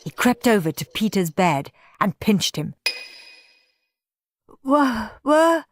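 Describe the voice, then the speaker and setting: A woman narrating a children's audiobook in an expressive, playful way. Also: fairly low pitch, normal speed, slight background noise. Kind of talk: storybook narration.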